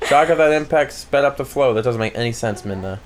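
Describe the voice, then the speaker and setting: A man's voice: mid-range voice, fairly quick. A young man giving casual, joking commentary while playing a video game with a friend. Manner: joking, sarcastic, lively voices for quotes. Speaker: let's play co-host. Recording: game music faintly behind.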